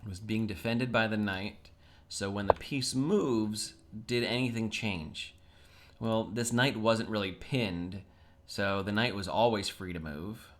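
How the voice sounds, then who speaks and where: A man's voice: lowish voice, measured pace. A man solving chess puzzles on video, talking casually to himself and his viewers as he thinks aloud. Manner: chatty, self-talking, plain everyday tone.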